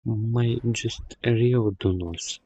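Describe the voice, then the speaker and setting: A man's voice: medium pitch, very slow, dark tone. A man talking casually while playing a video game, swearing often and speaking in loose, non-native phrasing. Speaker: gamer. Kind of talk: casual gameplay commentary. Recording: dull lo-fi game capture.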